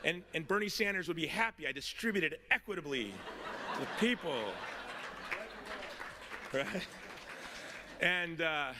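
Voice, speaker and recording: A man's voice: on the high side, animated, measured pace, long pauses, a crowd in the background, background noise. A middle-aged man giving a personal testimony speech at a convention, telling his story with wry humour that turns earnest. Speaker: convention speaker. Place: large hall. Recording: long hall reverb.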